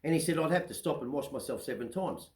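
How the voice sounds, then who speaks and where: A man's voice: fairly high pitch, expressive, quick pace, darkish tone, echoey room, low-quality recording. A man with an Australian accent, hosting his own show and telling a long story in a casual, rambling way, often checking in with "right?". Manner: chatty, keeps asking "right?". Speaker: storyteller host.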